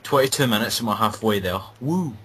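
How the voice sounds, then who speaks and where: A man's voice: lowish voice, fairly even intonation, moderate pace, a bit bright, slight background noise, poor audio. A Scottish man chatting casually and sarcastically while playing a game. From Scotland. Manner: joking, sarcastic banter. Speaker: gaming commentator. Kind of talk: casual gameplay chat.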